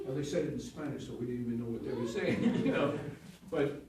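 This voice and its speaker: A man's voice: mid-range voice, fairly quick, darkish tone, slight background noise. A man in his seventies, a stage actor and acting teacher, telling rambling anecdotes in an interview, chuckling and correcting himself as he goes. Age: 70s. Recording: echoey room, distant mic.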